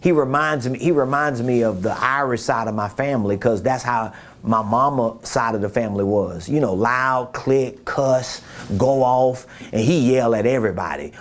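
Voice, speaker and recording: A man's voice: medium pitch, normal speed. A man giving a casual business coaching talk, repeating his points and asking rhetorical questions.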